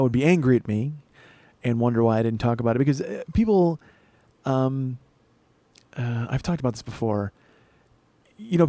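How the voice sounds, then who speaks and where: A middle-aged man hosting a comedy podcast, rambling through a solo monologue with self-mocking asides and sudden bursts of loud mock-outrage. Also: medium pitch, dry recording. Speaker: podcast host.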